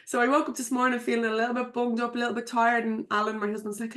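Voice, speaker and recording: Talking fast in a high-leaning, fairly bright voice, an Irish woman coaches business clients through a live webinar from her home computer. She keeps it chatty and blunt, laughing a lot and swearing casually.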